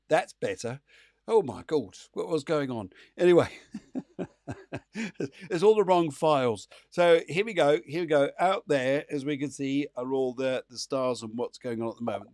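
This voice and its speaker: A man's voice: mid-range voice, a little mellow, no echo, studio quality. A man hosting a live psychic show from home, chatting in an upbeat, rambling way full of fillers. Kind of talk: casual live-stream chat.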